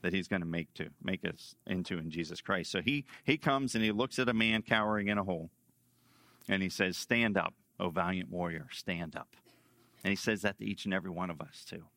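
A male pastor delivers a sermon with emphatic stresses and repeated key lines. His lowish voice has a forceful, bright edge. The sound is close and dry, with a lively sweep between loud and quiet phrases. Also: fast talker, no echo.

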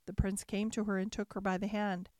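A woman reading a classic fairy tale aloud in a measured, expressive storybook style. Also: medium pitch, no echo, clean studio sound.

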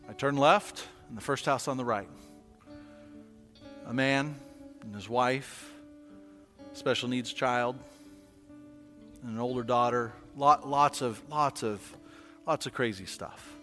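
A man preaching a sermon as pastor, conversational and asking the congregation questions, swinging from quiet to loud. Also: medium pitch, slow pace, long pauses, big-room sound, soft background music.

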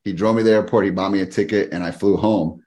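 A middle-aged man, a guest on a podcast, telling a story in a lively, fast-moving way. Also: sits low. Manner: animated, fast-paced storyteller who acts out quoted people. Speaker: podcast guest, fitness business owner. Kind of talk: casual storytelling interview.

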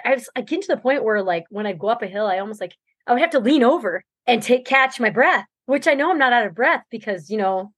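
A woman's voice: a little high, a bit bright, dry recording. A woman guest on a podcast, recounting a race in loose, rambling talk and laughing often. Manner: rambling storytelling, laughs often, many fillers. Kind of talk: casual interview chat.

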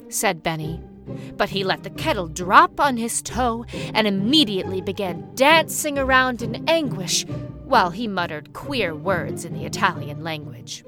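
A woman narrating a children's storybook in a measured, expressive way. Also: medium pitch, over music. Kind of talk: storybook reading.

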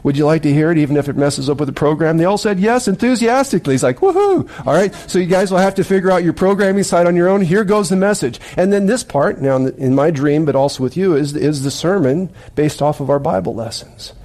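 A man's voice: a little high, quick pace, hardly any pauses, darkish tone. A middle-aged man preaching as a pastor, telling a dream in a rambling, emphatic way with many restarts. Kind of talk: sermon with dream story.

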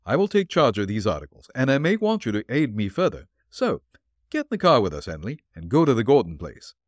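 A man voicing a shrewd, courteous detective who speaks calmly, firmly and politely, read for a storybook. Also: medium pitch, brisk, no room sound, clean studio sound. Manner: calm, firm and polite.

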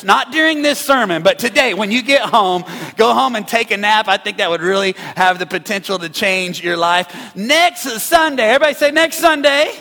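A man preaching a sermon as pastor, energetic and calling on the congregation to respond. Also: high voice. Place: large church hall. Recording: echoey hall with long reverb.

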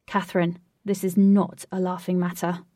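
A woman's voice: lowish voice, flat delivery, moderate pace, mellow, no echo, clean studio sound, distant mic, lightly acted. A woman voicing Wraith, a serious male guide who patiently lectures his companion in a storybook reading. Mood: stern.

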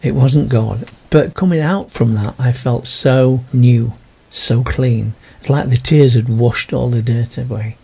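An older man, telling his personal story in an interview in a gentle, earnest way. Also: mid-range voice, measured pace, creaky, few pauses, slightly rough. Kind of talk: reflective personal testimony.

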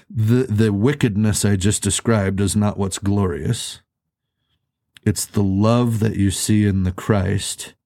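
Male pastor, low mellow voice, dry close sound, earnest conversational sermon delivery. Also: vocal fry, dry recording. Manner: earnest, conversational preaching with rhetorical questions.

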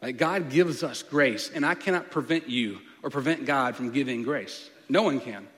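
A man, preaching a sermon as a playful, animated storyteller. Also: mid-range voice, moderate pace. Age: late 20s. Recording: long reverb of a large hall.

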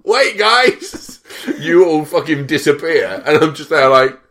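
A man's voice: on the high side, fairly even intonation, moderate pace, fairly bright tone. A man co-hosting a podcast, casually riffing and joking with his partner. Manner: jokey, riffs on his partner's stories. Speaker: podcast co-host. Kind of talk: casual comedic chat.

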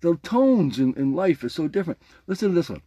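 A man's voice: on the high side, very animated, fairly quick, lo-fi sound, background noise. A man hosting his own podcast, talking casually and playfully while demonstrating a jaw harp with a motivational message. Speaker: podcast host. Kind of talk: casual motivational vlog talk.

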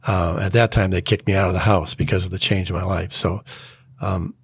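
American man, guest, earnest halting storyteller, breathy low voice, dry room. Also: fairly even intonation. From United States. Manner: earnest, halting, acts out quoted dialogue. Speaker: guest sharing his testimony. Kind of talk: personal storytelling interview.

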